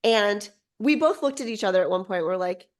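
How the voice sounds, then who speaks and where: A woman guest on a podcast, telling a story in a bubbly, excitable way, full of quick restarts. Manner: lively swings in pitch. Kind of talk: casual storytelling.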